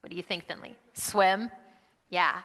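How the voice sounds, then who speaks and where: A woman's voice: fairly low pitch, fairly even intonation, measured pace, fairly bright tone, long reverb tail. A woman leading an interactive children's message during a church service, coaxing and encouraging the kids with lots of questions. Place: church sanctuary.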